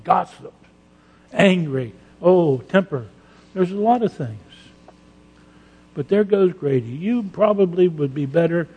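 In a church sanctuary with the long reverb of a large hall, a male pastor preaches emphatically, using rhetorical questions and dramatized quotes. His voice is mid-range, dark in tone and slightly rough.

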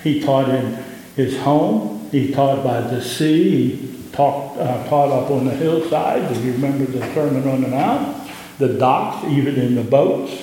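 A man with a Southern US accent, a pastor giving an impassioned sermon that rises in pitch on key points. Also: a little slow, warm tone. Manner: impassioned preaching, rising in pitch on emphasis. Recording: echoey hall with long reverb.

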